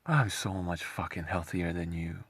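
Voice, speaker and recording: A smug, self-righteous vegan man brags about being more ethical than everyone, as a man mocks him in a sneering parody. The voice is low and gravelly, slow and drawn out. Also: a bit bright, no echo, full character voice.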